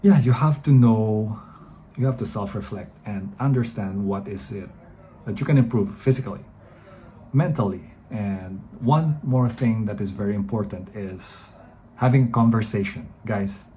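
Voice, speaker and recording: A man's voice: fairly low pitch, measured pace, dark tone, a little hiss or hum. A man in his thirties with a Filipino English accent, chatting rambly dating advice straight to viewers. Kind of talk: casual advice talk to camera.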